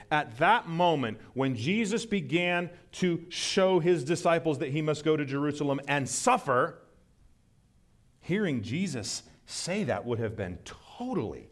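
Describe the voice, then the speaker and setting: A man preaching a sermon as pastor, earnest, with his voice climbing for emphasis. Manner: earnest, rises in pitch for emphasis and acted quotes.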